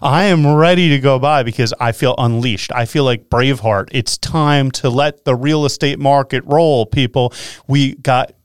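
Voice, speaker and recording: Excitable male radio host. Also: mid-range voice, smooth, no echo, studio quality. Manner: energetic, animated, quick to laugh. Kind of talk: excited casual radio talk.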